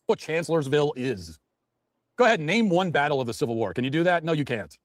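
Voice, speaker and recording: Guy ranting fast about politics, mocking and worked up, dry close sound. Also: a little high, big pitch swings, no echo. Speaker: political commentator. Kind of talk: heated political commentary.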